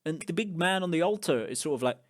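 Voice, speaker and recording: A man's voice: on the high side, lively intonation, quick pace. A man narrating a tabletop game as game master, casual and loose, with filler words.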